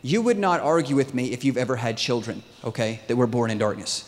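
A man in his thirties preaching a sermon in a lively, conversational way, often asking his audience questions. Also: mid-range voice, brisk. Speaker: pastor. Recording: long reverb in a large hall.

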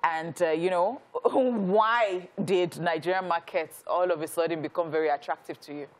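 A woman hosting an interview, chatty and quick to laugh as she asks questions. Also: fairly low pitch. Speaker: interview host. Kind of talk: casual interview chat.

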